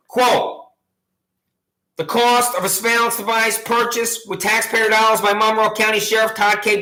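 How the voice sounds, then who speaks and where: Sarcastic man on camera, high-pitched and deliberate, slowly mocking his target, in a roomy space. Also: bright, forceful tone. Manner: taunting, sarcastic, slow and emphatic. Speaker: citizen activist video maker. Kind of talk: confrontational monologue to camera. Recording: roomy echo.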